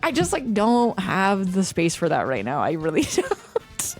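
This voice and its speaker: A woman's voice: mid-range voice, unhurried, faint music behind. A woman in her thirties, a streamer, telling a story in casual chat with frequent swearing. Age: 30s. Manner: ranting, profane, animated storytelling.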